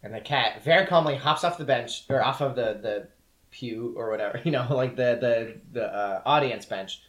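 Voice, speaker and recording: A man's voice: mid-range voice, moderate pace, a bit bright. A man narrating as game master, loose and casual with many fillers.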